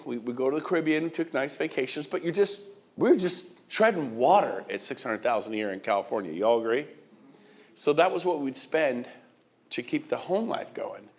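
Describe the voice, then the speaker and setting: A middle-aged guest speaker gives a motivational speech in an animated, somewhat high voice at a moderate pace. He fires emphatic rhetorical questions at the crowd and often repeats and restarts his words.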